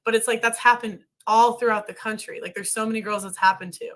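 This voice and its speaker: A woman's voice: on the high side, fairly even intonation, a bit bright. A woman guest on a live call, speaking candidly with lots of fillers and restarts. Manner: candid, halting, filler-heavy. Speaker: content creator guest. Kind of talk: casual interview talk.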